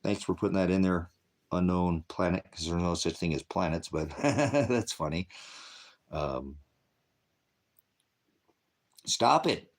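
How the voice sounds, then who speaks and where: A middle-aged man with a lowish voice holds forth in an angry livestream rant. He swears constantly and bursts into heated outbursts as he addresses his viewers. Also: slow, long pauses. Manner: angry, profane, shouting outbursts. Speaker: livestream host. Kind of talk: ranting livestream monologue.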